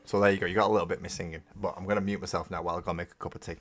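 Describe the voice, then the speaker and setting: Rambling, jokey man with low voice. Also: level tone, very fast, fairly bright tone, soft background music. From Britain. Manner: rambling, jokey, swears casually. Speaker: streaming hobby host. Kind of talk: casual live-stream chat while painting miniatures.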